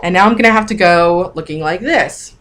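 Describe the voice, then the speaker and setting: A woman's voice: lowish voice, fairly quick, a bit bright. A woman in her thirties chatting candidly to her camera in a casual vlog, open and emotional as she talks. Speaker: vlogger.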